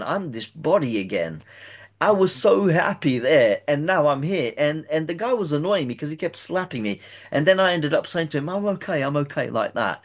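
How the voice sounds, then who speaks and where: A man interviewing a guest and recounting a personal experience at length, often hesitating and repeating words as he talks. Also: a little high.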